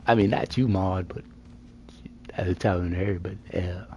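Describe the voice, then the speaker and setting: A man streaming his roleplay, chatting in a flirty, joking way and slipping into a put-on street accent. His voice sits low and mellow, and he drawls slowly. A faint hiss runs under the recording. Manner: flirty, joking banter with frequent laughs. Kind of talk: casual live-stream roleplay chat.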